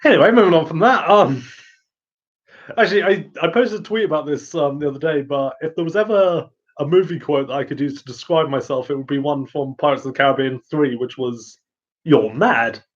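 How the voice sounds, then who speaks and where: A giggly man rambling through a casual chat show, his thoughts trailing through ums and uhs. His voice sits somewhat high for a man. The sound is muffled and lo-fi. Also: fairly quick. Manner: rambling, giggly, full of fillers. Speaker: host answering viewer questions. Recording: muffled lo-fi audio.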